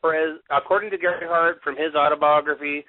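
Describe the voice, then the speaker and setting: Animated man on tinny radio audio. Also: fairly high pitch, a little fast, no room sound. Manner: animated, vivid storytelling. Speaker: podcast co-host. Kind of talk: casual wrestling talk.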